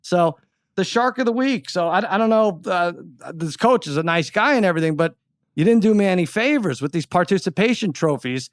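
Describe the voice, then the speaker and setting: A man's voice: sits high, lively intonation, brisk, dry recording, clean studio sound. Exasperated man telling a comic story. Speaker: podcast co-host. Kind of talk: casual chat.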